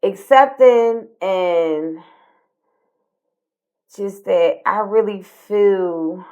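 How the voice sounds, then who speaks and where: A woman, co-hosting a podcast, telling a personal story in casual talk, by turns animated and tearful, dropping to near-whispers. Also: medium pitch, extremely slow, dull audio. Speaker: podcast co-host.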